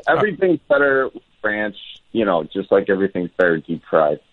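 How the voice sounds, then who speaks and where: A man's voice: fairly low pitch, brisk, no room sound. A man from Wisconsin, a comedian and author, chatting as a radio guest and telling jokey stories. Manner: jokey, animated storytelling. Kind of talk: casual interview chat. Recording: tinny phone line.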